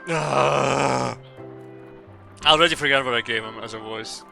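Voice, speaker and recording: Bright, profane, rambling male streamer. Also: mid-range voice, very fast, soft background music. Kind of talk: casual gaming stream chat.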